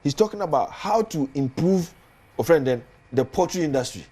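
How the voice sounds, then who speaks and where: A man's voice: a little high, lively intonation, moderate pace, warm tone, breathy edge. A man with a Ghanaian accent, a politician guest on a studio talk show, speaking earnestly and building emphasis as he lists points.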